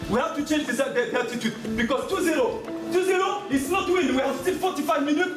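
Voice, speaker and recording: Male football coach, forceful repetitive half-time talk, recorded far off over music. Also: very high-pitched, fast. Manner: intense, repeats himself, sometimes shouts. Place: changing room. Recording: echoey room from afar, with music.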